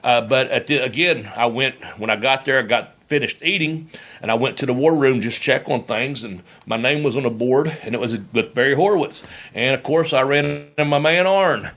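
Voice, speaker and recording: A man's voice: mid-range voice, normal speed, a bit bright. Rambling middle-aged man telling wrestling stories. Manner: rambling, laughs often, swears while telling stories. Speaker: podcast host, former wrestler. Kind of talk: casual storytelling chat.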